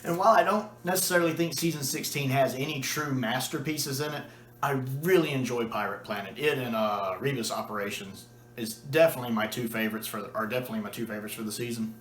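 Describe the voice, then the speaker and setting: A man's voice: mid-range voice, fairly bright tone, echoey room. A man chatting casually and enthusiastically as a video reviewer, with a few restarts and fillers. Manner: enthusiastic, acts out quoted lines.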